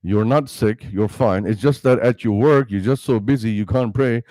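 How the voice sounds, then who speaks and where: A man's voice: fairly low pitch, moderate pace, mellow, no echo. A man, an imam, preaching an impassioned sermon into a microphone, full of rhetorical questions. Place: Islamic center prayer hall. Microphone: speaking into a microphone.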